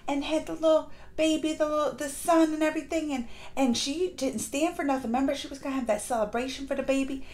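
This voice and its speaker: A woman reviewing a movie in a casual vlog, gushing and excitable, with lots of fillers and restarts. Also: high-pitched. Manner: acts out lines in quick put-on voices. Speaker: movie reaction vlogger. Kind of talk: casual chat.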